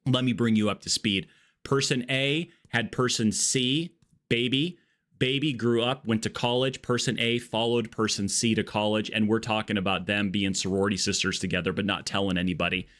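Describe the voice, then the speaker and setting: A man's voice: fairly low pitch, steady tone, moderate pace, fairly bright tone. Rambling joking male game streamer. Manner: rambling, joking, goes off on tangents. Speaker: livestream gaming host. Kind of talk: casual live gameplay chat. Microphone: earbud mic.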